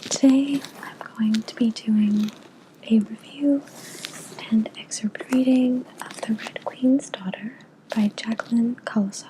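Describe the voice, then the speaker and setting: A young woman giving a whispered ASMR book review in a soft, unvoiced whisper, gentle and unhurried with little filler pauses. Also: fairly high pitch, fairly even intonation, background noise. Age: young adult.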